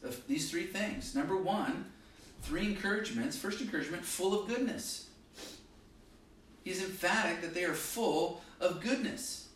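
Man, pastor, sermon, emphatic, slightly high voice, very echoey hall, distant mic. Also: unhurried, fairly bright tone, slight background noise. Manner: emphatic, varies pitch and volume for stress.

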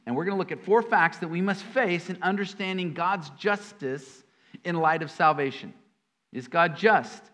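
A male pastor delivering a sermon with a voice a bit higher than most men's. He works through scripture with sudden emphatic bursts, then drops into folksy, chatty asides. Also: normal speed, pushed and bright.

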